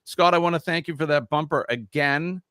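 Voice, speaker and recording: A man's voice: a little high, brisk, fairly bright tone, a little hiss or hum. A man hosting a casual live quiz stream, reading viewer comments aloud in an upbeat way.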